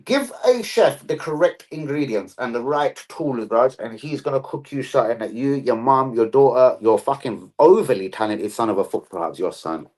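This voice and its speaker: A young man runs a casual football live stream. His talk is full of swearing and slang. His pitch swings widely from low mutters up to sudden high yells. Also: expressive, normal speed, few pauses. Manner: rowdy, profane banter full of slang.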